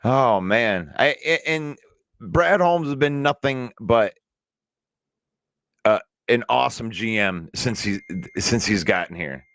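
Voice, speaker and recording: A man's voice: medium pitch, lively intonation, takes it slowly, a bit bright, no room sound. Argumentative man hosting a sports talk show. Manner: argumentative, answers chat comments directly. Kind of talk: casual sports talk commentary.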